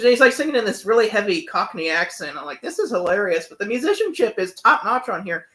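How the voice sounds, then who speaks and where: A man's voice: high voice, very animated, quick pace, few pauses, sharp tone. A young man giving a casual, enthusiastic album review, full of fillers and humming along to the songs. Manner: enthusiastic, many fillers, hums and sings along. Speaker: music reviewer.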